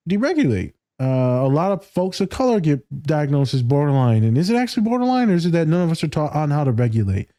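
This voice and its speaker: Blunt, profane man host, mellow voice. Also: on the high side. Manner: blunt, profane, animated, laughs a lot. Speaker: podcast host, therapist. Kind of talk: casual podcast chat.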